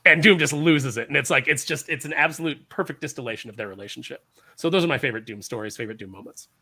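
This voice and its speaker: A man's voice: mid-range voice, quick pace, vocal fry, sharp tone, husky, no echo. A man chatting casually on a comics talk show, enthusiastic and rambling with many fillers. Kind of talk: casual chat.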